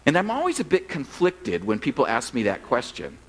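A middle-aged man preaching as a pastor, telling funny stories in a relaxed, conversational way. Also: medium pitch, brisk, rough recording. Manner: conversational, humorous storytelling. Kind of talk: sermon.

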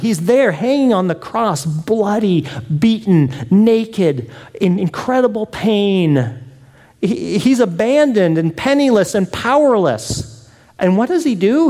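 A man preaching a sermon with passion, drawing some lines out softly and raising his voice on others. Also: fairly high pitch. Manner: impassioned, swings between soft drawn-out lines and raised exclamations.

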